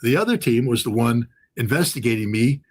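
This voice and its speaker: Man, 60s, interview guest, anecdotal storytelling, husky, fillers and restarts. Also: medium pitch, animated, brisk. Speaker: guest, former weapons inspector.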